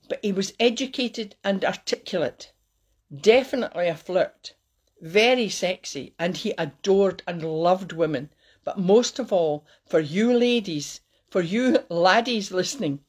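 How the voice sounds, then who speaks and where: A woman giving a light, cheeky talk to her viewers and slowing down to recite verse. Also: lowish voice, darkish tone. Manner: cheeky, playful, slows down to recite. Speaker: host giving a Burns Supper talk. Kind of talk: casual talk with poetry recitation.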